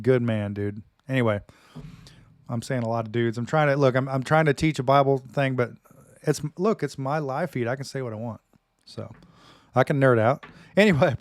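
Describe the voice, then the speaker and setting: A man's voice: on the high side, no echo, studio quality. A man teaching from the Bible on his live stream in a casual, folksy way, often saying "man" and "dude".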